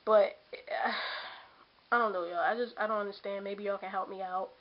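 A woman's voice: mid-range voice, fairly even intonation, a little slow. A woman in her late twenties venting on a vlog, exasperated, repeating herself and mimicking the people who nag her. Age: late 20s. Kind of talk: ranting vlog to camera. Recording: dull lo-fi camera audio.

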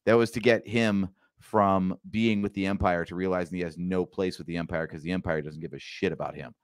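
A man co-hosting a podcast in casual chat, talking in a measured, wry way. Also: deep voice, fairly even intonation, no echo, studio quality. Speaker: podcast co-host.

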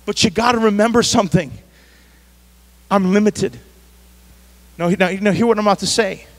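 A man's voice: high-pitched, moderate pace. A man pastor preaching a sermon at a church service, emphatic and fond of repeating his phrases.

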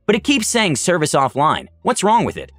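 A man's voice: high voice, wildly swooping pitch, moderate pace, fairly bright tone, no echo, soft background music, pitched above the performer's own voice, heavily acted. A man voicing a drunk, entitled woman customer who keeps demanding and questioning. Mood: insistent. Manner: whiny, insistent questioning.

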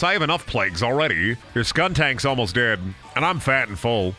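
Young male streamer, lively swinging pitch, bright tone; brash game commentary, lots of swearing. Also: a little fast, faint music behind. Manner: loud, swearing, jumps into silly voices. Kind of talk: casual gameplay commentary.

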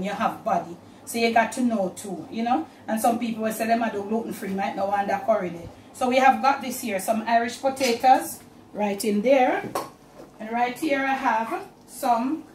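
A Jamaican-accented woman hosts a cooking show from her home kitchen, chatting directly to the camera and slipping into Patois. Her voice runs on the high side, with reverb and a faint hiss or hum.

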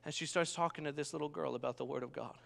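A young pastor's sermon comes quickly, his creaky, fairly high male voice telling an animated story. He often calls for an amen, and a large church hall wraps everything in long reverb.

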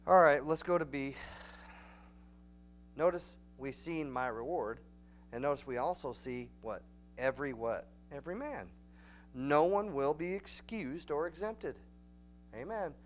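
Folksy Texan pastor preaching hard. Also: male voice, a little high, animated, unhurried, long pauses, soft background music. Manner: folksy, emphatic, rising to near-shouting peaks. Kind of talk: Bible study sermon. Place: church sanctuary.

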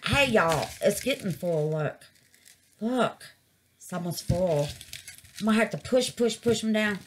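A woman's voice: medium pitch, expressive, a little slow, pauses often, a little hiss or hum. A woman gushing over her resin craft in a casual vlog, calling her viewers baby and y'all.

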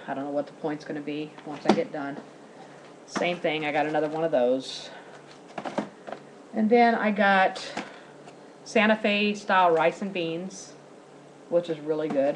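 Woman, fairly low voice, rambling casual chat, faint hiss behind. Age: 40s. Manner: chatty, rambling, giggly. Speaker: vlogger showing a grocery haul.

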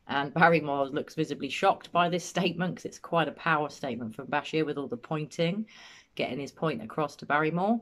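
A woman commenting on an interview clip, analysing body language in a measured, matter-of-fact way. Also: deep voice. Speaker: true-crime commentator.

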